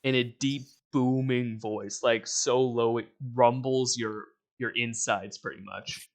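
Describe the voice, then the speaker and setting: A man's voice: mid-range voice, slow, few pauses. Casual young man running a game. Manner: casual, relaxed, laughs easily. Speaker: game master. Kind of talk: narrating a tabletop game.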